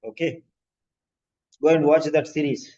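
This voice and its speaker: A man's voice: fairly high pitch, fairly even intonation, measured pace, mellow. A male language teacher who encourages and corrects students' sentences during an online exam-prep class. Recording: dull lo-fi audio.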